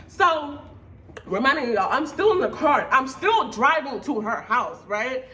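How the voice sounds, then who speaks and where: A young woman telling a storytime to her viewers in a blunt, animated way, swearing often. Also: sits high, a little slow, slight background noise. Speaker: storytime vlogger.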